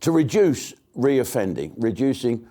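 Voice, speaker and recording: An older man tears into his subject in a blunt, foul-mouthed comic rant. His pitch sits in the ordinary middle for a man, and he breaks into asides and restarts as he goes. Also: big pitch swings, a little slow, mellow, slight background noise. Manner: blunt, sweary, mocking, with many restarts and asides. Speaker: comedian hosting his own online show. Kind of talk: ranting comic monologue.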